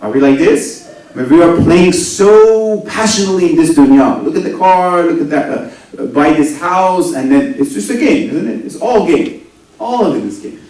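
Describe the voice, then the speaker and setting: A man preaching a sermon, swinging between loud rising lines and soft low asides, often asking the audience questions. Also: moderate pace. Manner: animated, rising and dropping to near whispers, asks the audience questions. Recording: very echoey hall, voice from a distance.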